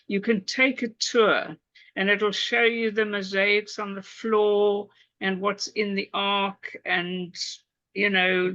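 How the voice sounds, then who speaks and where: A woman's voice: medium pitch, sharp tone, dry recording. A woman hosting a video call meeting, chatting and fumbling aloud with her screen sharing. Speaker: host. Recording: dull, dry video call audio.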